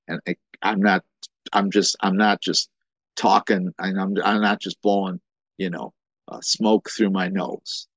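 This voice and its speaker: A man's voice: fairly low pitch, no echo. A man preaching a sermon as pastor, impassioned, often repeating words as he builds to a point.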